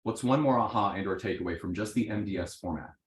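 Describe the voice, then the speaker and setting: A man teaching a live real estate seminar to an audience, animated, often checking in with "right?" and acting out sample conversations. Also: lowish voice, quick pace. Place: training room with audience. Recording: roomy echo.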